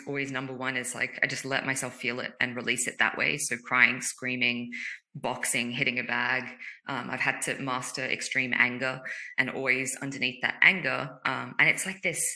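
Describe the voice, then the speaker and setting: This woman talks in a very low register, yet her tone is bright and forceful. She speaks earnestly and candidly as a guest in a casual conversation, quick and emphatic.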